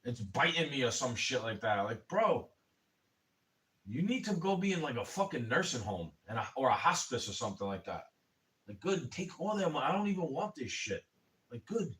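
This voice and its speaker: This livestream rant comes from a man whose voice is somewhat high and animated, moving at a normal speed. Rambling and swearing, he keeps saying "bro" to his listener while his anger swells into occasional shouts. Because he sits slightly back from the microphone, his voice carries a little distance.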